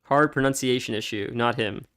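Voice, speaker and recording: A man's voice: mid-range voice, moderate pace, a bit bright, clean tone. A man streaming a game, telling rambling stories with a casual, chatty manner and frequent laughter. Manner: rambling storytelling, laughs often. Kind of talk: casual gameplay commentary.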